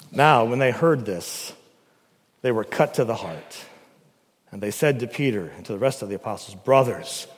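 A man preaching a sermon in an emphatic, animated way, asking the listeners rhetorical questions. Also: fairly low pitch, slightly rough, big-room sound.

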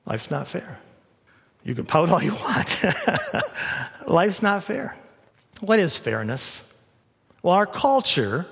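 A man preaching a sermon as pastor, dramatic, swinging from loud emphasis to near whispers. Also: a little high, very animated, slow pace, gravelly, pauses often, slightly rough, long reverb tail.

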